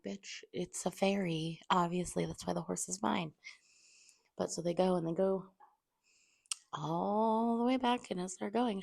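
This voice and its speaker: A woman's voice: on the low side, vocal fry. A young woman casually recapping a fantasy novel for her book channel, blunt and profane, sometimes dropping to a near-whisper. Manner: blunt, swears freely, acts out characters in quick asides; drops to a near-whisper at times to keep quiet. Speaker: book reviewer. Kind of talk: casual spoilery book review chat. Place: home room at a table.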